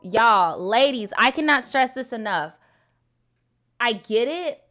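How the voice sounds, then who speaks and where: A woman's voice: fairly high pitch, expressive, takes it slowly, bright, forceful tone. A young woman hosting a live advice stream, talking bluntly and animatedly with plenty of swearing. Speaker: live advice show host.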